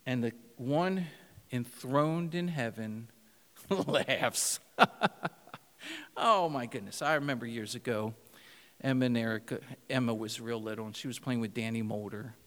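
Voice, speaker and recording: A man's voice: medium pitch, moderate pace. A man preaching a sermon, telling stories with laughter and mimicked voices. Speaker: pastor. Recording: long hall reverb.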